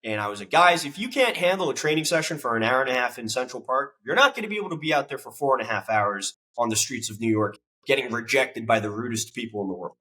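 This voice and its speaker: A man in his twenties, a guest on a podcast, tells his story in a casual, animated way. His voice is bright and forceful, mid-pitched, and he acts out the other people's lines as he goes. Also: fast talker, few pauses, low-quality recording. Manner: animated, acts out quoted dialogue, swears casually.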